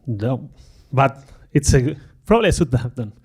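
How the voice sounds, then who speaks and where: Husky, medium-pitched, and at a normal speed, a middle-aged man recounts a personal story during a conference talk. He pokes fun at himself with lively energy and dramatizes what he was thinking.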